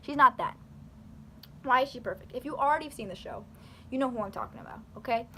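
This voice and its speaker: Fast-talking and expressive, a young woman with a fairly high, somewhat bright voice delivers talking-head commentary over a little hiss or hum. The YouTuber rambles animatedly, uses her hands, and fills her speech with fillers and restarts.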